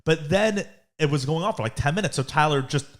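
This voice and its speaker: A young man co-hosting a podcast, telling a story in casual chat and acting out quotes in high voices. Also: fairly quick. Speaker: podcast co-host.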